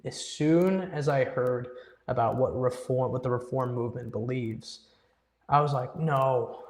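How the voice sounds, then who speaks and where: Speaking at a measured pace in a medium pitch, a young man who is a guest musician shares a personal story in an interview. He's earnest and emphatic, frequently voicing what he once thought to himself, and the room around him echoes with long reverb.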